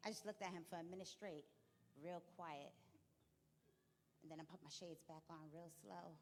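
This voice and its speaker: A young woman telling an animated stand-up story on a comedy club stage, acting out people in quick bursts. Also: lowish voice.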